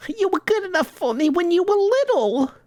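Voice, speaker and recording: A man voicing an old mother of a gangster who is pious, tearful and scolding, in a high, quavering voice. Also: very animated, moderate pace, a little mellow, no echo, clean studio sound. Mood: reproachful.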